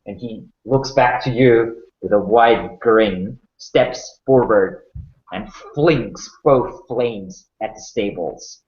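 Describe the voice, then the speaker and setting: A man running a tabletop game, narrating slowly and dramatically with small restarts. His voice sounds roomy and a little dull. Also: lowish voice, a little mellow. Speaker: game master.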